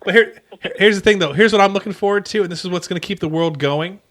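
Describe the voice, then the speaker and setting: Chatty bright-voiced male podcast host. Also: high voice, quick pace. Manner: chatty, laughs often, sarcastic asides. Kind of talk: casual chat. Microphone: podcast mic on a phone-call episode.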